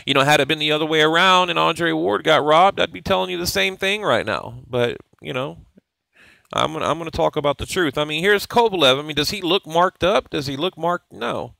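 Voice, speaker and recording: A man's voice: on the high side, animated, a little fast, creaky, bright, forceful tone, dry recording. A man hosting a boxing show, talking casually and bluntly over fight footage, swearing often and restarting his sentences. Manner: blunt, profane, repeats words and restarts.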